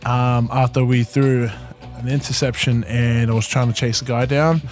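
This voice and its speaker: A man's voice: mid-range voice, flat delivery, normal speed, soft background music. A young Australian man, a football player guest in a casual interview, easygoing and laughing often. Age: young adult.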